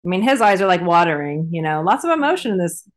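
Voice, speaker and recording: A woman co-hosting a casual chat about a TV series, enthusiastically acting out quotes with playful jumps in pitch. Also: very animated, fast talker. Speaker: podcast co-host.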